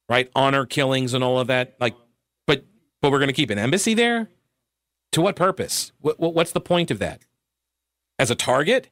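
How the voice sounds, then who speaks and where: Brief: male radio host with a higher voice, sarcastic opinion talk, dry close studio sound. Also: fairly bright tone, dry recording. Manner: sarcastic, wry laughs. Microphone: studio microphone.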